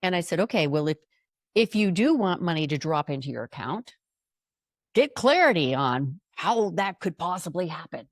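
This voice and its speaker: A middle-aged podcast host and coach delivers a motivational monologue in a lowish, slightly slow voice that pauses often. The clean studio recording has no room sound. She tells stories animatedly, acting out the voices of the people in them.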